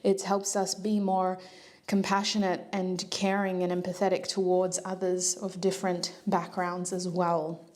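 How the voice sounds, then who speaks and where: Chatty tarot reader lady, mellow warm voice, laughs a lot. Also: fairly low pitch, level tone, unhurried. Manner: chatty, laughs often, acts out little dialogues. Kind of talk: casual tarot reading.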